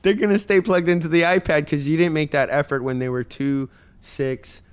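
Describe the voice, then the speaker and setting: Smooth-voiced man giving earnest parenting advice. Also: a little high, fairly even intonation, normal speed. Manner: earnest, motivational, speaks to listeners directly; tells stories and acts out other people's voices. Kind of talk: casual podcast chat.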